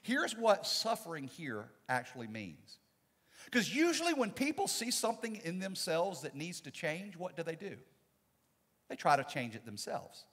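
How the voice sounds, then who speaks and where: Husky-voiced man preaching with lively swings. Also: high voice, normal speed, in a large hall. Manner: dynamic preaching, swinging from loud to soft. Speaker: pastor. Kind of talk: sermon. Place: church sanctuary.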